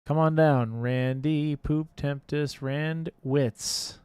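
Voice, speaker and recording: A man hosting a casual livestream giveaway, calling out winners' names loudly and joking between them. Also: a little high, fairly even intonation, slow pace, clear, resonant tone, no echo.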